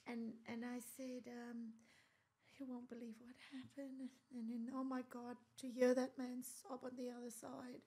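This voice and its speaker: A woman's voice: a little high, flat delivery, measured pace, warm tone, husky. An Australian woman, a podcast guest, telling a painful personal story and often sinking to a near whisper at the hardest moments.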